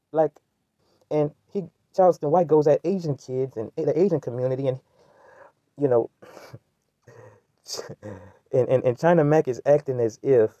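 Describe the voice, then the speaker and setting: A man's voice: mid-range voice, dark tone, no echo, muffled recording. A man giving a heated, rambling commentary rant, full of slang and restarts. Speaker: commentary vlogger. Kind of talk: ranting commentary.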